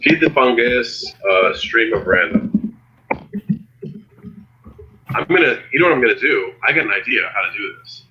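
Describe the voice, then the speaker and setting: Man, husky, lowish voice, eager casual chat, headset, dull lo-fi call audio. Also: expressive, normal speed, long pauses, pushed and bright. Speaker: podcast co-host.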